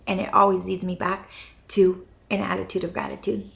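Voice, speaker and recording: Earnest lady vlogging about gratitude, mid-pitched, soft music behind. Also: fairly even intonation, moderate pace, vocal fry. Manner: earnest, faith-filled, repeats a catchphrase. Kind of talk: motivational vlog talk.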